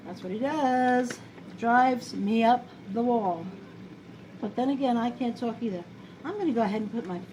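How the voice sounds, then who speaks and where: With a fairly high voice and a New York accent, a middle-aged home cook vlogger chats casually to camera while making food. She rambles and makes self-deprecating jokes, and the home video picks up clear background noise.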